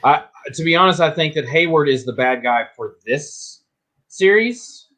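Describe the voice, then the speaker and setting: A man's voice: fairly high pitch, expressive, unhurried, sharp tone. A man in a casual group chat who talks through his theories in a loose, easy way.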